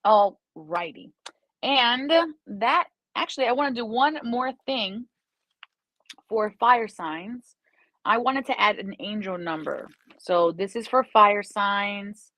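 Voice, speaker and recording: A woman giving a chatty, animated live-streamed tarot reading as a psychic reader. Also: medium pitch, slow, dry recording, poor audio.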